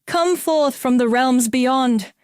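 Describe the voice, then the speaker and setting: A woman's voice: sits high, takes it slowly, a little mellow, clean tone, dry recording, studio quality. A woman reading an audiobook voices a pompous fraudulent spiritualist medium speaking in solemn, grandiose tones.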